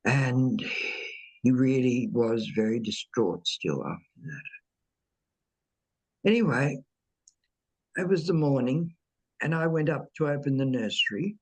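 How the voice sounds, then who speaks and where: A woman tells a personal story at an easy, unhurried pace. Her voice is slightly husky, and she lingers on details, pausing with fillers and repeating words as she gathers her thoughts. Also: very deep voice, expressive, a little mellow. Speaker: medium telling her own ghost stories. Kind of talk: slow conversational storytelling.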